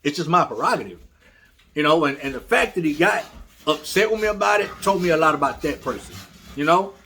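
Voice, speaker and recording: Blunt high-voiced man. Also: animated, brisk, bright, forceful tone, slight background noise. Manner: blunt, repetitive, talks straight to viewers. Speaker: dog breeder. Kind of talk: casual storytelling monologue.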